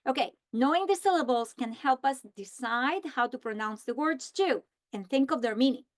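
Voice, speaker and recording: A woman explaining how to teach a reading lesson, slowly modeling the script she would read to students. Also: high voice, expressive. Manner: slow, deliberate modeling of a script. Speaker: teacher trainer. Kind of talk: instructional walkthrough.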